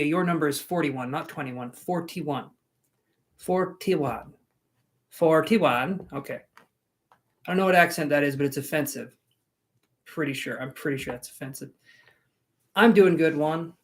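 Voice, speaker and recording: A man's voice: on the high side, moderate pace. A man giving live-stream tarot readings, chatty and rambling, making jokes at his own expense. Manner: rambling, self-mocking, chatty. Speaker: tarot reader.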